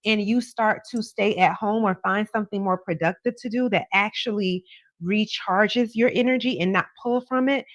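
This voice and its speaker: A woman with a medium-pitched voice hosts a casual tarot and psychic livestream at a moderate pace. She chats emphatically with viewers, repeating her points as she gives advice; the recording is dry, with the highs cut off.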